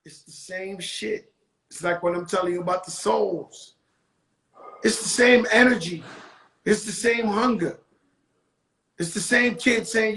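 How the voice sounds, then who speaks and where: A man hosting a talk show, telling stories in a loose, profane street-talk style that slows into motivational preaching. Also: high voice, gravelly, bright, forceful tone. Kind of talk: casual storytelling monologue. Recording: echoey room.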